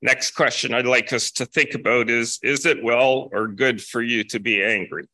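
A man preaching a sermon in a measured way, repeating key phrases for emphasis. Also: medium pitch, fairly even intonation, bright, forceful tone, no echo.

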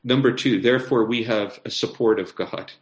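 A man's voice: medium pitch, normal speed. A man preaching a sermon in a conversational way, repeating phrases and asking the listeners questions. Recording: echoey room.

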